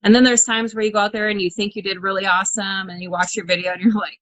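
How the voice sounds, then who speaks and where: Young woman guest, expressive storyteller with frequent laughs, dry close sound. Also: mid-range voice, fast talker, no echo, poor audio. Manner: animated storyteller, acts out her own inner dialogue, laughs often. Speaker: monster truck driver guest. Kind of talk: casual interview chat. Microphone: video call.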